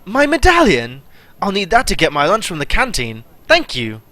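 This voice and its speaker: A man putting on a gruff Yorkshire workwoman. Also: fairly high pitch, huge pitch swings, normal speed, pushed and bright, dry recording, voice pushed up, exaggerated voice. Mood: cheerful. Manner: grumbling, brusque. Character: gruff grumbling female artificer, Yorkshire working woman.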